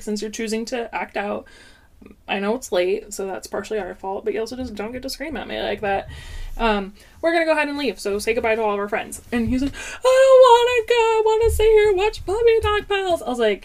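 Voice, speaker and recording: A young woman in casual chat, telling a parenting story in a lively way and acting out what people said. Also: medium pitch. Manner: animated storyteller, acts out quotes. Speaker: parent sharing stories.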